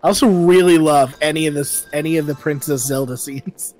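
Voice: medium pitch, a little fast, a little mellow. A streamer playing a game and talking to chat in a casual, chatty, swearing manner, with faint game music behind.

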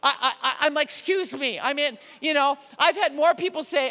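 Woman pastor, animated self-deprecating sermon, high voice, long church reverb. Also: brisk, hardly any pauses. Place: church sanctuary with a congregation.

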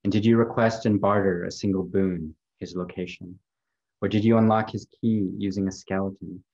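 A man giving a poetry reading, delivering a long, measured, incantatory run of questions. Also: deep voice, steady tone, darkish tone, dull audio. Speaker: poet.

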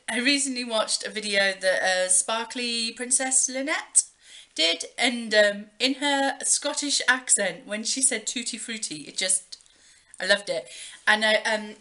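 Woman, young adult, beauty vlogger; leisurely, chatty delivery full of ums; bright, forward voice. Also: a little high. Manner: chatty and rambling, with many pauses and fillers. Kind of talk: casual show-and-tell chat.

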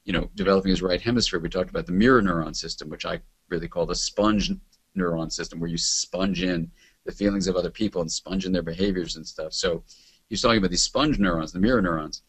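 A man being interviewed as a psychotherapy expert, explaining in a measured, thoughtful lecturing manner. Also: sits low, slightly rough.

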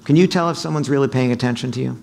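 A middle-aged man giving a sales seminar talk in a hotel conference room, animated and quizzing the audience. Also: medium pitch, very fast, gravelly, a little hiss or hum. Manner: animated, asks the audience questions, acts out quotes. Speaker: keynote speaker.

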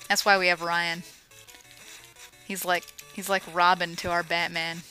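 A woman giving casual, joking commentary over a retro game she is playing, with sarcastic asides and excited yelps. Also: lowish voice, normal speed, faint music behind, rough recording. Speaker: let's play commentator. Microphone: home microphone.

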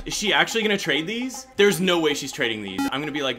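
A man hosting a gaming channel, giving excited gameplay commentary, squealing and gasping as he talks to his viewers. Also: high-pitched, quick pace, hardly any pauses. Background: background music.

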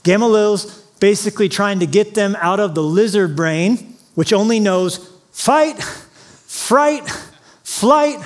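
Man, pastor, lively joking sermon, high voice, church auditorium. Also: normal speed. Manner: humorous, storytelling preaching with acted-out quotes.

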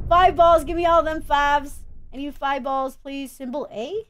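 A young woman commenting as she plays a video game, excitable, shrieking and groaning as she wins and fails. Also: sits high, unhurried, long pauses, a little hiss or hum. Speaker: gaming YouTuber. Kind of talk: let's play commentary.

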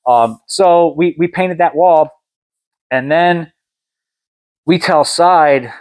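A man's voice: a little high, slow. A man hosting a podcast, telling a long story in casual chat with lots of fillers and restarts. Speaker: podcast host.

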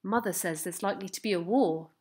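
A woman's voice: mid-range voice, fast talker, darkish tone, breathy edge, lightly acted. A woman reading aloud as a kind, eager fifteen-year-old farm boy who speaks tenderly to his horse. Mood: earnest. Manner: tender, coaxing, proud. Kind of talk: storybook reading.

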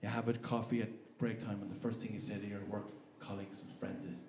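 A man with an Irish accent performing a stand-up comedy set in a club, animated and sweary, acting out characters. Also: fairly low pitch, a little fast, slight background noise. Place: comedy club with a live audience. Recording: live club with crowd laughter.

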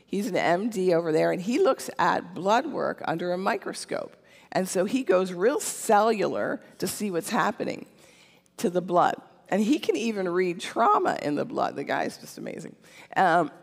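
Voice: medium pitch, gravelly. A church speaker giving a casual teaching talk, conversational and often checking in with "okay?". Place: church sanctuary. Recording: long church hall reverb.

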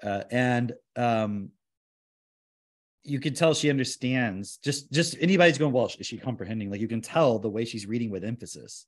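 A man's voice: medium pitch, animated, moderate pace. A man hosting a podcast in casual chat, talking animatedly and acting out the voices of people he quotes. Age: young adult or middle-aged, father of a four-year-old. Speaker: podcast host.

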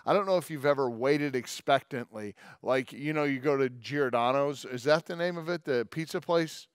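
A male pastor giving a sermon in a conversational, joking way, with quick asides and long scripture readings. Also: mid-range voice, clear, resonant tone, dry recording, studio quality. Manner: reads scripture aloud at length.

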